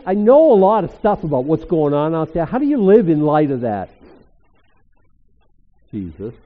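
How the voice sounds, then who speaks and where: An older man preaching a sermon as pastor, emphatic and animated, rising suddenly to loud exclamations. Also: mid-range voice, slightly rough. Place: church hall. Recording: echoey hall, tinny phone-like sound.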